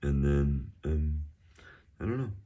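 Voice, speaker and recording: A man's voice: very deep voice, expressive, slow pace, mellow, dull audio. A middle-aged man teaching a casual online Chinese lesson at home, chatty and prone to rambling asides. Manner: sings out exaggerated tones in pronunciation drills.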